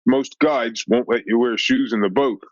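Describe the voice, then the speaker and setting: A man who works as a fishing guide, telling a story in a casual podcast chat. He is animated and acts out the dialogue, with a lot of "like" and "right?". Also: mid-range voice, normal speed, no echo. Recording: dull lo-fi dry sound.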